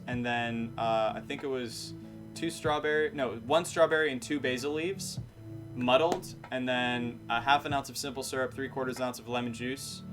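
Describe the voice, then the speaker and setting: A man chats on a live stream in a plain, matter-of-fact way. His sentences drop at the end instead of lifting, and he wanders and corrects himself as he goes. Guitar music plays clearly under his voice. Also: medium pitch. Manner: matter-of-fact, falling inflections; rambling, self-correcting. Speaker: streamer and bartender. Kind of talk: casual live-stream chat. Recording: music playing behind.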